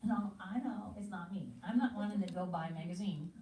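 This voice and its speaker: A woman teaching an audience in an animated way, telling stories and acting out the inner voices she hears. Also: medium pitch, brisk, distant mic. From from another country. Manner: storytelling, acts out inner voices. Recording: roomy hall, speaker off-mic, faint hiss.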